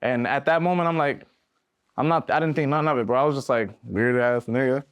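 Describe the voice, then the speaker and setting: A man's voice: medium pitch, brisk, clear, resonant tone, no echo. A young man, a musician guest on a podcast, telling stories in a casual, slangy way and acting out voices. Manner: animated, slangy, acts out voices in his stories. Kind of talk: casual storytelling.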